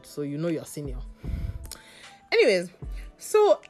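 A woman hosting a podcast, telling a dating story in a casual, animated, playfully sassy way. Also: on the low side, normal speed, soft background music. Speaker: podcast host.

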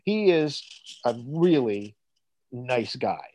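Chatty middle-aged actor telling anecdotes. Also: male voice, mid-range voice, sing-song, takes it slowly, a little mellow. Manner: rambling anecdotes, frequent fillers and laughs. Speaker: actor guest. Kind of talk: casual interview chat.

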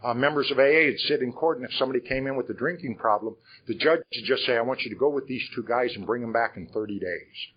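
Husky older man sharing his story. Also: medium pitch, quick pace, hardly any pauses, lo-fi sound. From Iowa, US. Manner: conversational storytelling with rhetorical questions. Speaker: speaker at a recovery conference. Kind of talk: personal testimony talk. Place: conference hall.

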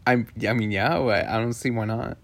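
A man's voice: mid-range voice, moderate pace, gravelly. A man co-hosting a podcast in casual chat, playful and teasing. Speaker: podcast co-host.

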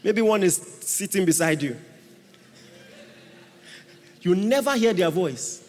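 A man preaching a sermon, emphatic, swinging from hushed asides to shouted exhortation. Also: high-pitched, animated, takes it slowly, a little hiss or hum. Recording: long reverb of a large hall.

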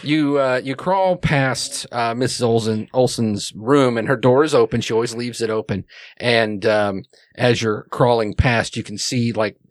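Male game master, rambling, filler-heavy narration, medium pitch, dry close sound. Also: a little slow, no room sound.

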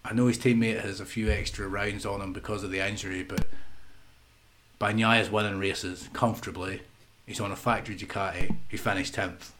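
A man's voice: lowish voice, little pitch movement, fairly quick, fairly bright tone, a little hiss or hum. A man co-hosting a casual podcast chat, blunt and sweary, laughing often and acting out quotes. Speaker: podcast co-host.

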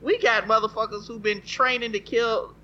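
A man's voice: sits high, steady tone, moderate pace, sharp tone. A man joking in a casual group chat, swearing freely. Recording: dull lo-fi recording with faint ambience.

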